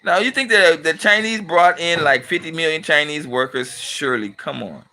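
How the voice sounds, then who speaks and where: High, bright-voiced man ranting bluntly. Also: moderate pace. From California. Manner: emphatic, blunt, colloquial. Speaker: channel host and commentator. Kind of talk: casual opinionated monologue.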